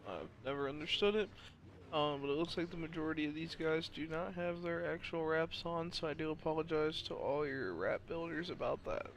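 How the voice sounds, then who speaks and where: A tired man calls a simulated race, his voice gravelly and a bit higher than most men's as he drifts between casual asides and play-by-play. He sounds worn and hoarse from a long week, with faint noise behind him. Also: brisk, a bit bright. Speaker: race commentator. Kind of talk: sim racing play-by-play commentary.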